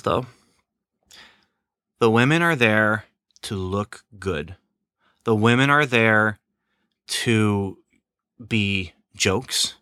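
A man's voice: lowish voice, a bit bright, no echo, studio quality. A middle-aged man giving a rambling, sarcastic casual film review. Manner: rambling, sarcastic, lots of fillers and restarts.

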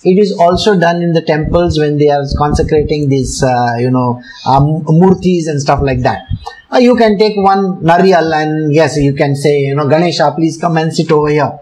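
Indian english guy teaching from a book, kinda high voice, laughs a lot while explaining stuff. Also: moderate pace, darkish tone, low-quality recording. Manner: chuckles often, explains terms patiently. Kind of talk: explanatory storytelling talk.

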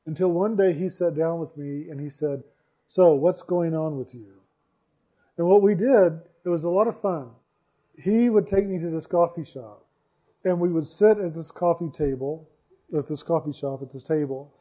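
Man storyteller, fairly high but mellow voice, unhurried and reflective, leans on repetition. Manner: slow, reflective, repeats phrases for emphasis. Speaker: speaker telling a personal story. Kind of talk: storytelling talk.

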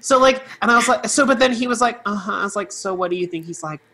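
A man's voice: high voice, quick pace, sharp tone, a little hiss or hum. A man chatting as a guest teacher, enthusiastic and rambling with lots of fillers. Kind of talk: casual chat.

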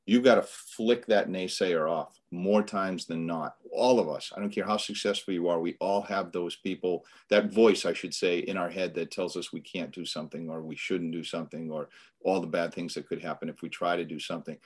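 A middle-aged man with a Boston accent, a business coach, guests on a podcast interview in a very low voice. He speaks earnestly and motivationally at normal speed with fairly even intonation, often repeating a word or two as he begins a thought.

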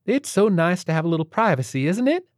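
A man's voice: high-pitched, very animated, fast, no room sound, clean studio sound, voice pushed up. A man putting on a sing-song southern lady. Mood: chatty. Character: chatty older southern woman stranger.

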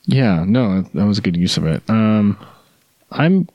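A man's voice: on the low side, very animated, unhurried, no echo, highs cut off. A man co-hosting a car podcast in casual chat, with a wry, easygoing sense of humor. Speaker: podcast co-host.

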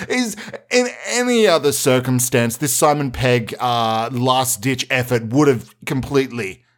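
A man spins an improvised comic tale as a podcast host. He rambles, doubles back and restarts, then drops into mock-serious asides. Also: mid-range voice.

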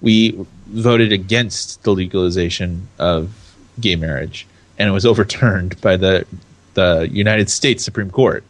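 A man's voice: low voice, a little slow. A young adult man from California co-hosting a casual podcast chat, rambling, restarting his sentences and laughing often. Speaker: podcast co-host.

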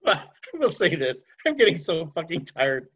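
A man's voice: on the high side, big pitch swings, a little slow, fairly bright tone, a little hiss or hum. A man co-hosting a casual chat, rambling and swearing freely. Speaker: podcast co-host. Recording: dull lo-fi sound.

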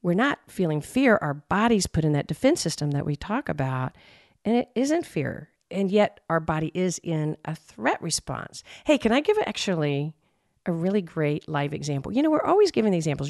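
A woman co-hosting a podcast, telling a personal story in a lively, animated way and acting out her own frustration. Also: sits low, a little fast, no room sound, clean studio sound. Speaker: podcast co-host. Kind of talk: casual podcast conversation.

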